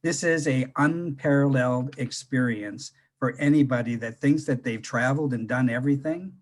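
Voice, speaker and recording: Man, interview host, friendly, deliberate, mid pitch. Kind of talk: interview hosting.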